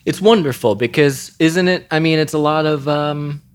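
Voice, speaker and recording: A man's voice: fairly high pitch, moderate pace. A man co-hosting a casual conversation, telling rambling, joking personal anecdotes. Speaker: podcast co-host.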